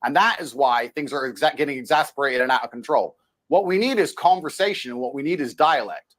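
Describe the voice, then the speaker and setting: Fast-talking assertive man. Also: mid-range voice, lively intonation, fairly bright tone. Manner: assertive, lecturing. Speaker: interview guest. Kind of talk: debating in a TV interview.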